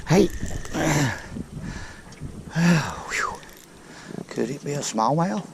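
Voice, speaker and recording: Guy fishing off a boat, kinda high voice, gets all worked up talking to the camera, faint outdoor noise. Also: extremely slow, creaky, long pauses. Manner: excitable, talks straight to viewers. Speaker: fishing vlogger. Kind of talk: casual narration while fishing.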